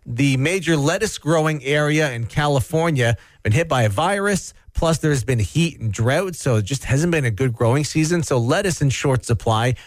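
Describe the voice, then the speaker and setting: A man co-hosts a radio show, running through news items as jokey, casual banter. His pitch moves in a lively way. The sound is dry and close on a studio mic. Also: moderate pace, few pauses, no echo. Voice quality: jokey, laughs often, relaxed delivery.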